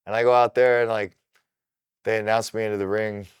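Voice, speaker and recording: Man, middle-aged, deep low voice, smooth and resonant, casual storytelling, lots of swearing, dry close sound. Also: fairly quick, no echo. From Ohio. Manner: animated retelling, swears freely. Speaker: podcast guest, kickboxer.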